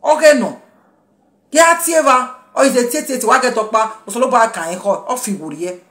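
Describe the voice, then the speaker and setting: Woman, defiant social-media rant, scolding critics, slightly high voice, roomy echo. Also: lively intonation, a little fast, fairly bright tone. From Nigeria. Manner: defiant, scolding, mixing pidgin English and a local language. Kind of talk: angry rant to followers.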